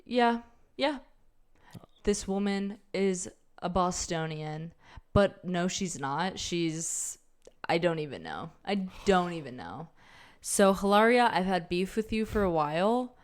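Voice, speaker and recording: A young woman co-hosting a podcast, ranting in casual chat, animated and profane, laughing often. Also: lowish voice, takes it slowly. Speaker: podcast co-host.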